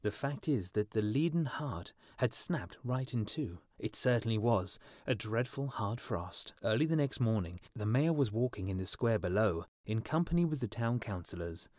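Man reading a fairy tale out loud, slow and clear for learners, lowish voice, dead dry sound. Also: lively intonation, no room sound. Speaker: storyteller. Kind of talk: scripted storybook narration.

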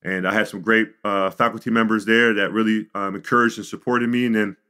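A middle-aged man from the Chicago suburbs, a podcast guest telling his life story in an animated way, with frequent "you know" and "like". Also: fairly low pitch, brisk. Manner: animated storyteller, acts out quotes. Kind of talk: storytelling interview.

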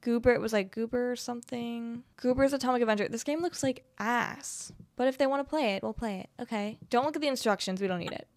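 A woman's voice: fairly high pitch, fast, hardly any pauses. A woman in her twenties giving casual gameplay commentary, chatty and sarcastic, with casual swearing. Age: 20s. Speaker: gaming video creator.

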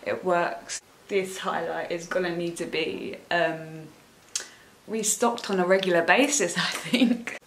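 A woman's voice: on the low side, unhurried, slight background noise. A young woman doing a casual makeup tutorial, chatting in a rambling way and gushing over the products. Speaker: beauty vlogger. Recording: echoey room.

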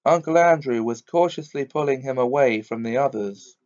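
A man reading a children's novel aloud as audiobook narration in a measured, deliberate way. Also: medium pitch, a little mellow. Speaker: audiobook reader. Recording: dull lo-fi recording.

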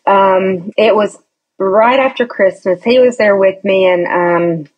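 Slow-talking husky-voiced woman. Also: mid-range voice. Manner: chatty, hesitant with many restarts. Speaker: podcast guest. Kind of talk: casual storytelling chat. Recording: dull lo-fi recording.

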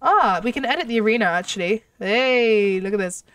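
A woman hosting a gaming channel, giving excitable let's-play commentary full of gasps and exclamations. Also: fairly high pitch, a little fast, no echo, recorded from a distance. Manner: excitable, gushing, lots of exclamations.

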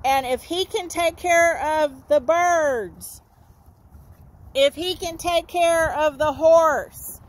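A woman's voice: high voice, slow pace. A woman giving a folksy, informal sermon outdoors, repeating her points and calling her listeners "saints.". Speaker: street minister. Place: outdoors in a dry horse lot.

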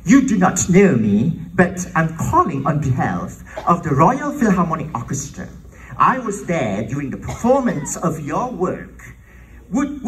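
A man's voice: a little high, distant mic, a little hiss or hum, pitched above the performer's own voice, rough recording. A man imitating a polite, businesslike woman calling about a concert. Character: polite woman from an orchestra office on the phone.

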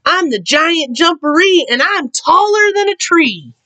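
A woman putting on a loud, boastful storybook monster. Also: sing-song, measured pace, exaggerated voice. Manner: booming rhymed threats. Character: boastful hidden burrow creature, loud and menacing.

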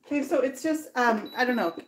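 A woman's voice: fairly high pitch, fairly quick, a little hiss or hum. A woman hosting a live furniture painting demonstration in her workshop, explaining each step in a chatty way and laughing easily. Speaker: furniture painter and tutorial host.

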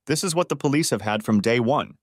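A man's voice: medium pitch, lively intonation, a little fast, no echo, clean studio sound, lightly acted. A man voicing a betrayed husband who accuses his wife with bitter, hurt questions, in an audiobook. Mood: cold. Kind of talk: audiobook character voice.

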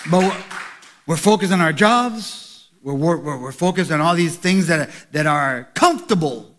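A pastor preaching a sermon, moving from quiet asides to shouted calls to the congregation. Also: male voice, a little high, expressive, moderate pace, a little hiss or hum.

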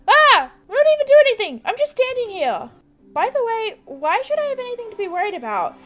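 A stuck-up teenage newcomer from a horse-riding video game, shrill and boastful, quick to snap when she is startled, as a woman reads her part. Her high voice leaps up and down as she protests and brags. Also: very animated. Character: snooty, jumpy new teen girl at a stable. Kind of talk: reading game dialogue aloud.

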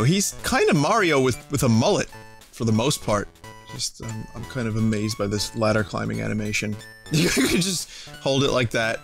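A man streaming old computer games with casual, sarcastic, profane commentary, sounding a little sick and hoarse. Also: mid-range voice, fairly bright tone. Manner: sarcastic, profane, laughing often. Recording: music playing behind voice.

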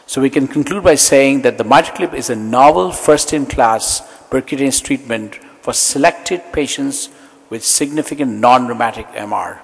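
Brief male conference speaker, measured slide-by-slide delivery, slightly husky voice, hall reverb. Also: medium pitch. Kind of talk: medical conference lecture.

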